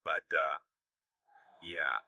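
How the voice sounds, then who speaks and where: A man's voice: extremely low pitch, drawn-out words, gravelly, sharp tone, no room sound. An older American man giving a live seminar lecture, brash and profane, joking with his audience. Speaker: seminar instructor.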